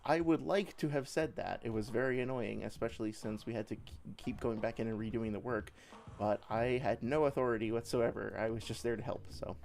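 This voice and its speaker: A man's voice: mid-range voice, steady tone, fairly quick, vocal fry, a little mellow. A man playing a game while chatting, rambling and swearing freely, with faint game music behind him. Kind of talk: casual let's-play commentary.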